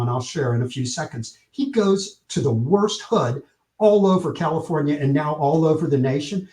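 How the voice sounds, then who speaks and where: A man telling a story with energy in an interview, acting out the quotes with lively shifts in tone. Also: a little high, roomy sound. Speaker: publicist, podcast guest.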